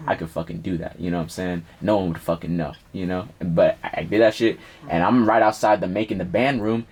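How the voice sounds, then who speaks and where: This young rapper, a guest in a casual interview, tells a personal story in a low, slightly fast voice. His telling is animated and packed with slang and swearing.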